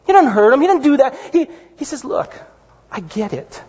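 Middle-aged male pastor, high husky voice, conversational sermon delivery; reverberant hall. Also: moderate pace. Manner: conversational, animated storytelling with asides. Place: church sanctuary. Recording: dull lo-fi sound in a reverberant hall.

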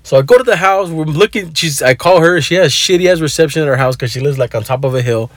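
Fast-talking, with a higher voice and lively intonation, a man tells a meandering story on his phone for a vlog. The recording is dry, and he swears freely, stays relaxed, and mixes Spanish words into his speech.

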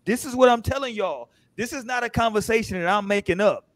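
A man's voice: high voice, a little fast, no room sound. An American man hosting a casual panel podcast, telling stories with lots of acted-out quotes. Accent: American English. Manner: animated storytelling, acts out quotes. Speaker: podcast host.

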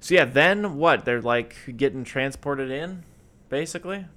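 A man co-hosting a podcast, chatting casually about a film and rambling with fillers and quick acted-out quotes. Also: mid-range voice, expressive, pushed and bright. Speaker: podcast co-host. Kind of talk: casual movie discussion.

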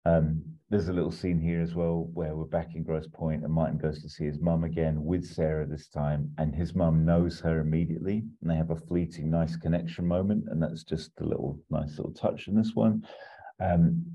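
A man's voice: rumbling low, flat delivery, moderate pace, warm tone, husky. A man casually talking through an imagined film plot as a podcast host, rambling with lots of ums and asides. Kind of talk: casual chat. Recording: dull, muffled audio.

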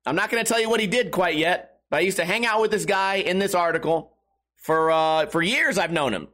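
A man's voice: sits high, fairly quick, sharp tone. A man hosting a comedy show, ranting casually with constant swearing and laughing at his own jokes. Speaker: comedy podcast host. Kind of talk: profane comedic rant.

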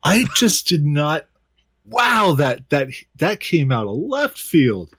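A man's voice: a little high, sing-song, takes it slowly, fairly bright tone, husky, dry recording. A man co-hosting a podcast, hesitant and full of ums, teasing his co-hosts. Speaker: podcast co-host. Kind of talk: casual podcast chat.

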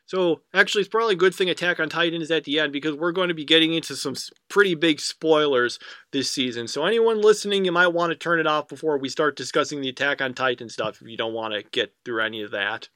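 A man's voice: a little high, fast, sharp tone, dry recording. A young man co-hosting a casual podcast, recapping an episode in a rambling way with many fillers. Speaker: podcast co-host. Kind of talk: casual anime review chat.

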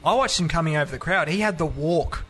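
A man's voice: a little high, fast talker, fairly bright tone. A man, a co-host who keeps butting in with teasing jokes. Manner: joking interjections, teasing. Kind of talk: casual chat.

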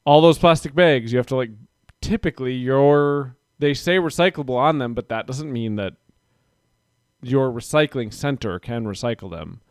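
A man talks in a relaxed, rambling way on a podcast, poking fun at himself as he goes. His voice is smooth and clear, at an ordinary pitch. The sound is close and dry. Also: moderate pace, dry recording. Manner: rambling, self-deprecating, chatty. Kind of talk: casual chat.

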